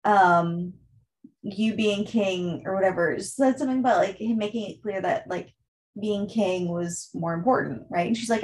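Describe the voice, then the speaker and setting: A woman's voice: mid-range voice, moderate pace, a little mellow. Female co-host, chatty plot recap, medium voice. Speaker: book podcast co-host. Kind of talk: casual book discussion.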